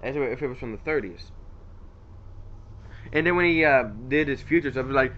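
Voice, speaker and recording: A man's voice: medium pitch, brisk, pauses often, lo-fi sound, a little hiss or hum. A man casually rambling about his favorite voice actors in an unscripted vlog, with lots of fillers and restarts. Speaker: YouTuber ranking voice actors.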